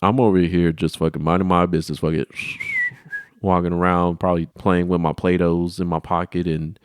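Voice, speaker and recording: A young man telling a childhood story in a profane, animated, rambling way. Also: low voice, brisk, clean tone, no echo, studio quality. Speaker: vlogger. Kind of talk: comedic storytelling.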